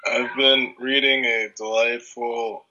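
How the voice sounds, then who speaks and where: A man's voice: mid-range voice, little pitch movement, slow pace, sharp tone. A man co-hosting a podcast in casual chat, rambling and hesitant as he searches for words. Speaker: podcast co-host. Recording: dull, muffled lo-fi sound.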